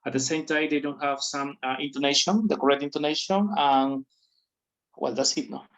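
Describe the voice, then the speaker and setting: A man taking part in an online class, answering hesitantly with pauses and fillers. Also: a little high, steady tone. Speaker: course participant. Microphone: video call. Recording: dull lo-fi call audio.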